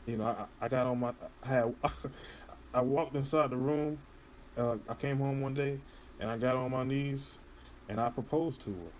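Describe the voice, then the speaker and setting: A man's voice: mid-range voice, steady tone, moderate pace, darkish tone, a little hiss or hum. A man in casual interview chat, rambling and profane, filling his talk with "you know". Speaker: podcast guest.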